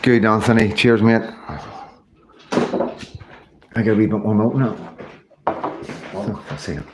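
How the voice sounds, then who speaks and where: A man's voice: lowish voice, fairly even intonation, slow pace, pauses often, very noisy. A man hosting a casual livestream chat, greeting viewers one by one by name in an informal way. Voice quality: informal, uses local words. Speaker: livestream host.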